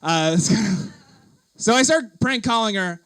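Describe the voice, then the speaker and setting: Animated, giggly young man telling a story. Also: high-pitched, takes it slowly, smooth. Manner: animated, giggly, lots of likes and uhs. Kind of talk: comic storytelling to a live audience.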